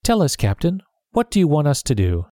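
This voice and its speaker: A man voicing a steady, reasonable doctor in a storybook reading, pitched above his own voice. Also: a little fast, no room sound, studio quality. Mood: calm. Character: calm, sensible male doctor.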